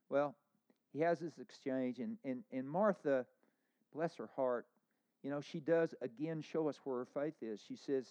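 A man preaching a sermon as pastor, earnest, moving between hushed lines and emphatic ones. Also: mid-range voice, moderate pace, muffled recording.

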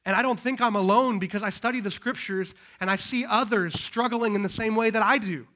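A man giving a live Christmas sermon as pastor in a church, preaching emphatically, swinging from loud to hushed, into a handheld microphone. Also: high voice, brisk. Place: church service.

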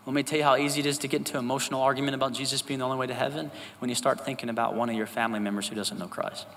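A man preaches to his congregation. His voice is bright and forceful, and he keeps the tone conversational while calling for responses. The sound carries the long reverb of a church hall, with a faint hum of ambience underneath. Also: medium pitch, fairly even intonation, racing. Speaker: pastor. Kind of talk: sermon. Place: church sanctuary.

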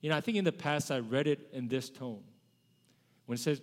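A pastor in his forties preaches in a chatty way, often turning to question the congregation. His voice sits high for a man. It rings with the long reverb of a church sanctuary. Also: lively intonation, moderate pace. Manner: conversational, asks the congregation questions. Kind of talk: sermon.

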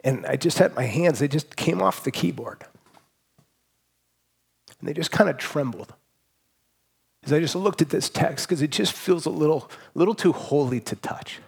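A man's voice: fairly high pitch, expressive, moderate pace, gravelly, long pauses, husky. Earnest man preaching a sermon. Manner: earnest, emotional, with frequent restarts and soft trailing endings. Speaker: pastor.

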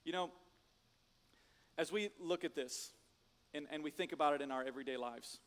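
A male pastor preaching a sermon, animated and conversational, swinging from loud jokes to hushed emphasis. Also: on the high side, moderate pace, in a large hall.

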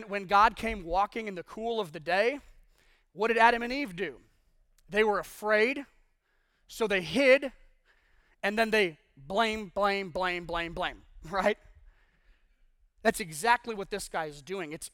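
A young adult male pastor preaching a sermon in a conversational, animated way, full of casual asides. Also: sits high, smooth, no echo, clean studio sound.

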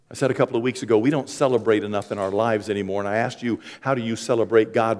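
Male pastor, animated Easter sermon, swings from hushed to high and loud, long church-hall reverb. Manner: animated, climbs high and loud when excited, then drops soft.

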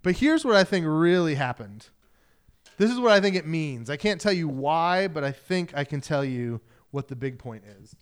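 Guy pastor giving a sermon, kinda higher voice, chatty and animated, does little voices for quotes. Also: moderate pace, clean tone.

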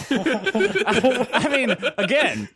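Animated high-voiced man telling a story. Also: drawn-out words, breathy edge, no room sound, studio quality, soft background music. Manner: animated, profane, mocking. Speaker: podcast guest. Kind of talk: storytelling and ranting on a podcast.

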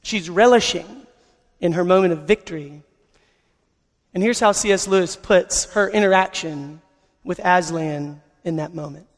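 A man's voice: high voice, measured pace. A man preaching a sermon, telling a story in an earnest way, recorded in a reverberant hall. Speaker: pastor.

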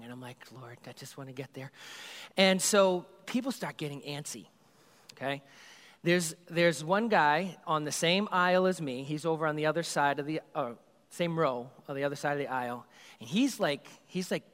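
A man, a youth group leader, telling a comedic story in an animated, rambling way and acting out the scenes. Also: fairly high pitch, normal speed. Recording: reverberant hall.

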